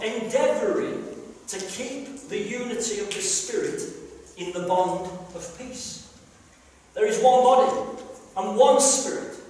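A male pastor preaches emphatically at a live service in a church hall, repeating phrases and posing rhetorical questions. His voice is very high and a little mellow, with a slight hiss or hum. The recording is echoey and captured from far off.

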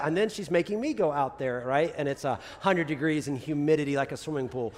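Pastor guy preaching, chatty with lots of "right?", kinda high voice, big echoey church. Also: fairly quick. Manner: conversational preaching, frequent "right?" asides, builds to loud urging. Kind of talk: sermon. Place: church sanctuary. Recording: long hall reverb.

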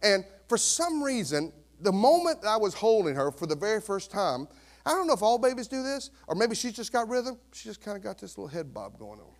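With a high-pitched voice and a slightly fast pace, a man in his fifties preaches as pastor. The sermon feels animated and conversational, brimming with rhetorical questions.

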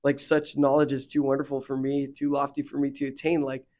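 With a mid-range voice and a fairly quick pace, the young faith podcast co-host chats informally, rambling and using many fillers. Once he starts venting, his delivery grows heated and animated.

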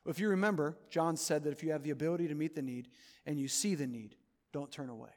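A man preaching a sermon as pastor of his church, earnest, moving between loud urging and soft, hushed pleading. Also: a little high, fast, long reverb tail. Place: church sanctuary.

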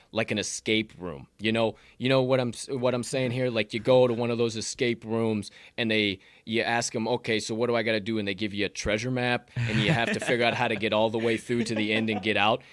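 A man hosts a sports betting podcast in loose, energetic banter. He swears freely and wanders off on tangents. The recording is dry and close. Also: lowish voice, a little fast, no echo. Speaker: podcast host. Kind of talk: casual sports betting chat.

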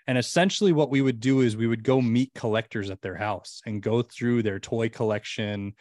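A man guest on a podcast, chatting casually as an animated storyteller with lots of fillers. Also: mid-range voice, normal speed, no echo.

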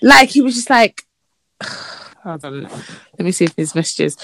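A woman's voice: sing-song, a little slow, gravelly, no room sound. A woman, chatting on a podcast and telling stories, acting out messages in a mocking voice. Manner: chatty and storytelling, acts out messages in a mocking high voice. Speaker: podcast co-host. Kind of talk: casual chat.

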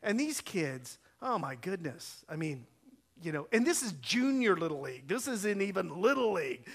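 A man preaching a sermon as a pastor, telling a story with lively quoted dialogue, his voice rising and falling as he acts out each part. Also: high voice, normal speed. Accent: Ohio. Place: church sanctuary.

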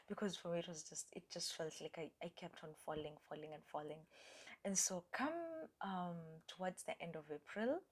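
Young woman, podcast host, faith testimony, earnest, reflective, fillers, lowish voice. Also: normal speed, husky. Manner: earnest, reflective, many fillers, drops to a whisper at times. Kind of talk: personal faith testimony, casual talk.

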